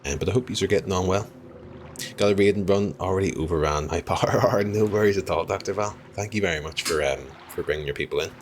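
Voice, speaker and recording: A young Irish man with a deep, low-pitched voice streams a game live and chats easily with his viewers. He talks loosely, laughs a lot and apologizes often. A faint hum of noise sits under his voice. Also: fast talker. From Ireland. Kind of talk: live gameplay commentary chatting with viewers.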